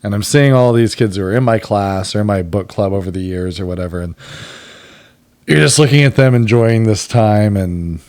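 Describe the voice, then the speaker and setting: A man's voice: fairly low pitch, moderate pace, a little mellow. A man co-hosting a podcast, talking casually and reflectively, near tears as he gets sentimental. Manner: reflective, gets choked up and emotional. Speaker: podcast co-host. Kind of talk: casual chat.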